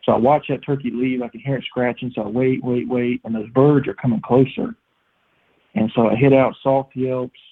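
A man, a guest telling a long story in casual, animated talk and quoting his own thoughts. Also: medium pitch, normal speed. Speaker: podcast guest, listener. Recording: tinny phone line.

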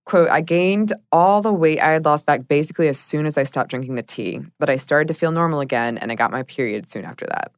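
A woman's voice: low-pitched, brisk, few pauses, dry recording, clean studio sound. A woman co-hosting a podcast in casual chat, reflective and hedging, laughing often. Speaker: podcast co-host.

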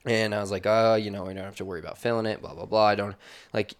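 Brash male podcast co-host, lowish voice, swears casually, rambling storyteller. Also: flat delivery, fast. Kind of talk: casual chat and read sponsor spot. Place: makeshift studio office.

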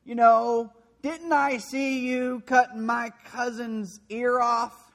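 A man voicing an accusing male servant of the high priest, questioning slowly and pointedly. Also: steady tone, fairly bright tone, heavily acted. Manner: slow, pointed, incredulous questioning.

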